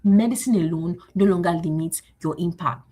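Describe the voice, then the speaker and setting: A woman hosting a motivational livestream, rallying her audience with repeated phrases and acting out short exchanges. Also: normal speed. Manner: animated, repetitive and rallying, acting out exchanges in higher voices. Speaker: host.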